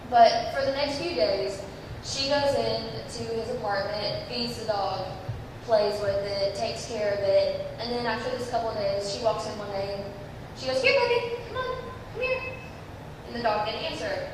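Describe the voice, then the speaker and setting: A young woman giving a church talk, telling a lively story and acting out its people. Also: medium pitch, moderate pace. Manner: lively storytelling, acts out voices. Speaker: youth speaker. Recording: echoey hall, distant mic, faint hiss.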